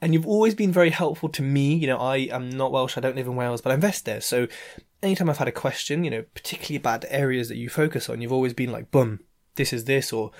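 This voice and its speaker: A man hosting a property podcast, chatty and jokey with quick asides. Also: mid-range voice, a little mellow. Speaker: podcast host. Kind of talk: casual podcast interview.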